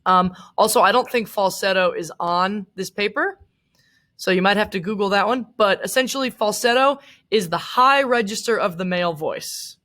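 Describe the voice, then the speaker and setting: A woman's voice: mid-range voice, normal speed, a bit bright. A young woman teacher giving a casual recorded lecture, chatty, with many fillers and asides.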